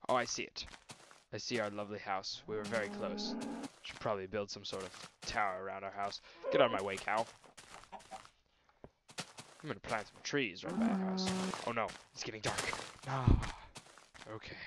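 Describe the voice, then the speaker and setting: A man's voice: lowish voice, fairly quick. A young man commenting on his own gameplay in a silly, mock-grand voice, speaking to the animals and trees. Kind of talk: let's play commentary. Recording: noisy amateur recording.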